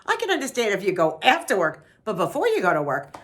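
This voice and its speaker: Chatty middle-aged woman vlogger, animated bright storyteller, laughs a lot. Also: mid-range voice, fast talker. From New York. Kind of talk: casual storytelling.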